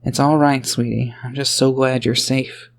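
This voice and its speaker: A man's voice: mid-range voice, flat delivery, moderate pace, creaky, natural voice. A man narrating an audiobook, voicing a tired father who is loving but defensive. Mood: tender. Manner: earnest, defensive and tender.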